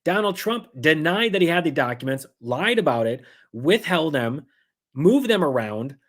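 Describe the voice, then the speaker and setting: A man hosting a livestream of political commentary, talking fast, heated and sarcastic, acting out others in mocking voices. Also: fairly high pitch, very animated, a bit bright.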